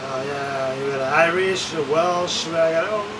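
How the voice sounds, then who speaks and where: A bar owner talks in an animated way, acting out other people's complaints in his high voice. He is caught from some distance away, with clear street noise around him. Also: slow pace. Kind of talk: casual street conversation. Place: outdoors on a village street.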